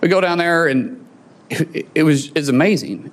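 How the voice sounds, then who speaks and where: A middle-aged man, a father, telling a personal story in a heartfelt, halting way, choked up with emotion and restarting his sentences. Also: fairly high pitch. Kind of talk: personal testimonial.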